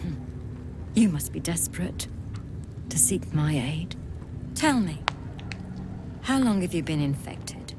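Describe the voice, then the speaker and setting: A cold, scornful githyanki healer. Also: female voice, sits low, lively intonation, takes it slowly, long pauses, background noise. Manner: clinical and condescending.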